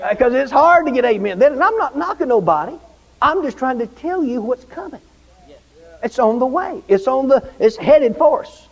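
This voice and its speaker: Swinging widely in pitch, this man's extremely high voice moves at a moderate pace as he preaches in a church, fervent and repetitive and frequently calling out for amens. The dull, lo-fi recording carries long church reverb.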